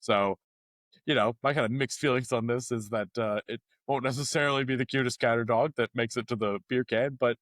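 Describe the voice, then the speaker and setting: A man co-hosting a local news podcast in a relaxed, joking way, slipping into quick silly voices. His voice sits in a middle register. The sound is dry and close. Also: medium pitch, no echo. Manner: joking, animated voice impressions. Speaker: podcast co-host, journalist. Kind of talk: casual news chat.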